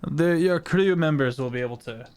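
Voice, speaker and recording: A man narrating scenes as game master, pausing often with fillers. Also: a little high, darkish tone, clean tone. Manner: halting, many fillers, laughs easily.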